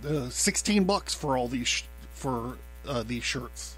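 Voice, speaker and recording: Male podcast host, mid-pitched, rambling and profane, filler-heavy, with faint music underneath. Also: slow pace, a bit bright. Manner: loose and profane, many fillers and laughs. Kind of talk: casual rambling monologue.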